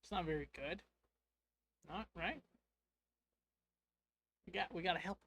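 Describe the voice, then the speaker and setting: A man's voice: high voice, a little slow, creaky, a bit bright. A man casually retelling a tabletop adventure to his stream chat, rambling and playful. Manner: rambling, playful, acts out lines. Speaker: streamer recounting a game.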